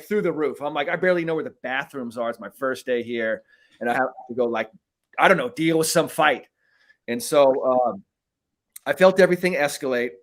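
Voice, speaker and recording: A man co-hosting a podcast as a mental skills coach, telling a story in a casual, animated way, swearing now and then and often checking in with "right?". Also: mid-range voice.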